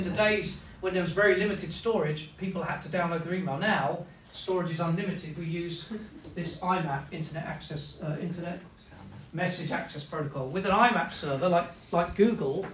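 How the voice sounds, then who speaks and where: A man's voice: sits high, roomy sound, slight background noise. A man teaching a classroom lesson, explaining step by step, often checking in with "right?" and acting out what machines say. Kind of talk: classroom lecture.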